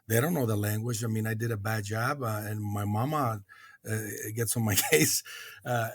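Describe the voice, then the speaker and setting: A middle-aged man from Mexico, a guest in a recovery podcast conversation, speaking earnestly and reflectively with many hesitant pauses and restarts. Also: on the low side, no room sound, clean studio sound.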